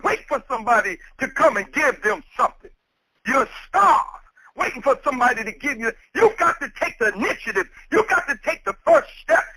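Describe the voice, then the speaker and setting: A man preaching with a very high, lively voice that rises and falls as he presses each point home. His sound is bright and edgy, recorded close and dry. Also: no echo, rough recording. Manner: emphatic, repetitive preaching cadence. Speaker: minister. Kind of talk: sermon.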